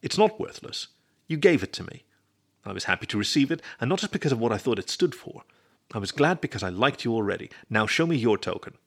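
A man voicing a gentle, mischievous young male raccoon in a storybook reading, speaking in a reassuring, teasing way. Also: medium pitch, big pitch swings, quick pace, breathy edge, full character voice. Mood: tender.

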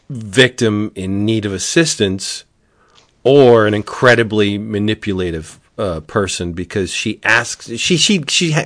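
A man co-hosting a casual podcast, retelling a book's plot and briefly voicing its characters. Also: on the low side. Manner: animated retelling with quick put-on character voices. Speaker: podcast co-host.

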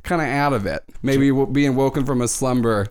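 Man, mid-pitched, relaxed game master, chatty narration with fillers. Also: fairly quick, clear, resonant tone. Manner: loose, chatty, hesitant with fillers.

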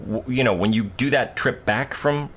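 A man's voice: mid-range voice, normal speed, fairly bright tone, breathy edge. A middle-aged man, an author from the Boston area, telling his stories in a casual, rambling way and chuckling now and then. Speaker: author and guest. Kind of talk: casual storytelling.

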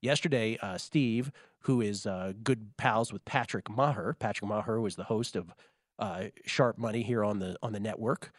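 A man's voice: fairly low pitch, normal speed, no room sound, studio quality. A man hosting a sports-betting talk show, telling stories animatedly and laughing often. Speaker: radio show host.

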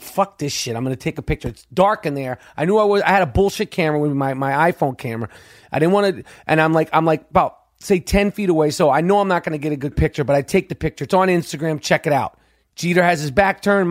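A man hosting a podcast, telling a profane story in an animated way and acting out quotes. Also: a little high, no room sound, studio quality. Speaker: podcast host.

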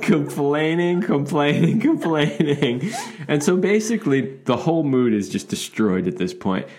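A man co-hosting a relationship podcast, telling a personal story in a casual, animated way and laughing often. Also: mid-range voice, brisk. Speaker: podcast co-host.

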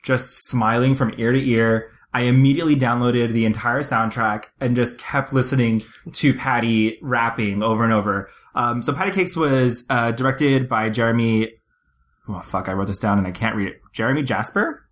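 Male podcast host, mid-pitched, raving casually about films, loose and unfiltered. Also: normal speed, fairly bright tone. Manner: gushing, enthusiastic, swears casually. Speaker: podcast co-host, film reviewer. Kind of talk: casual chat.

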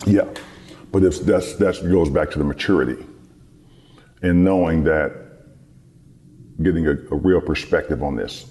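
Very deep-voiced man telling a story. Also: measured pace, long pauses. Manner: relaxed, rambling storyteller who acts out quoted dialogue. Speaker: guest, former basketball player. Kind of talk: storytelling in an interview.

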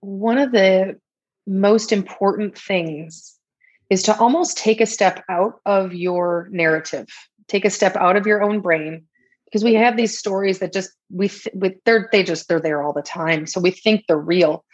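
A woman's voice: mid-range voice, unhurried, lo-fi sound. A woman, an author and coach, talking casually as a podcast guest, laughing often and restarting her sentences.

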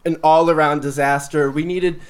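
A man with a slightly high voice tells an anecdote in loose conversation. He keeps breaking into giggles as he goes. The tone is relaxed and chatty. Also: normal speed, smooth. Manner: giggly storytelling, laughing through his own story. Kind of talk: casual chat.

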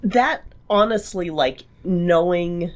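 A podcast co-host in casual chat, speaking thoughtfully and often chiming in with short agreement. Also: mid-range voice. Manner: slow, thoughtful, lots of short agreeing replies.

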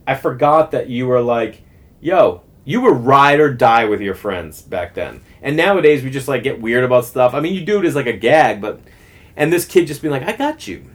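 A man in his thirties hosting a podcast, telling a long casual story, rambling and animated with lots of fillers and restarts. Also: medium pitch, normal speed. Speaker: podcast host.

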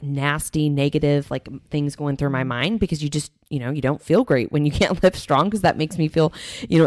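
Low-voiced woman, candid podcast co-host. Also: a little mellow, no room sound, studio quality. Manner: candid, emphatic, motivational. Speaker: podcast co-host and fitness coach. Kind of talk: casual podcast chat.

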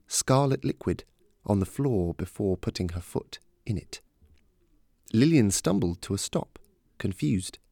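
Male storybook narrator with a low voice and a steady, measured, dry read. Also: no room sound.

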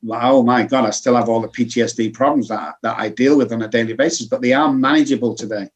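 Male interview guest, breathy rough tone, earnest and explanatory, mid-range voice. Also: medium pitch, steady tone, quick pace, muffled recording. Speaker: addiction recovery guest. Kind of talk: conversational interview.

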